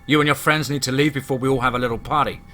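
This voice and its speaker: A man's voice: mid-range voice, steady tone, very fast, bright, forceful tone, a little hiss or hum, lightly acted. A man voicing an arrogant, taunting male biker gang leader in a spoken horror story.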